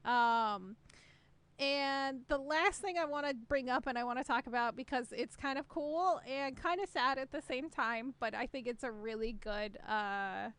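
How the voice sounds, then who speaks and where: Bright high-voiced swearing podcast woman. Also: unhurried, clear, resonant tone. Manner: chatty, swears freely, laughs often. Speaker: podcast co-host. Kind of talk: casual gaming podcast chat.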